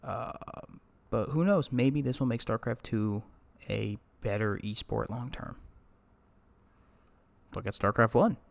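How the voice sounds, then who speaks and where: A man's voice: mid-range voice, unhurried, gravelly, pauses often. A man hosting a solo esports podcast, ranting profanely in a casual way and greeting his live chat. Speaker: podcast host. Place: indoors at a streaming setup.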